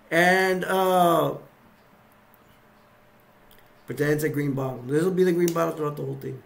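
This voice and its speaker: With a creaky, fairly high-pitched voice, a video reviewer loosely retells scenes from a movie. He rambles, uses plenty of fillers, and voices the characters' lines himself.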